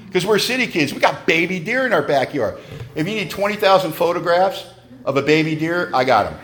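A middle-aged man telling a personal story to a meeting audience in an animated, conversational way. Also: fairly high pitch. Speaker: speaker at a recovery meeting.

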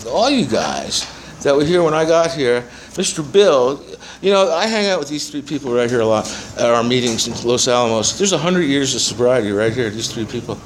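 A man's voice: medium pitch, big pitch swings, fairly quick, hardly any pauses, a little hiss or hum, low-quality recording. A man in his seventies giving a personal testimony to a recovery meeting, rambling through his story with profanity and self-mocking humor. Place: meeting room with a small audience.

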